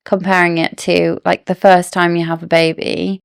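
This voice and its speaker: Brief: female podcast co-host, lowish gravelly voice, dry close sound, speculative chat. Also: flat delivery, moderate pace, no echo. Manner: speculates and asks questions about the plot. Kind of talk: casual book discussion.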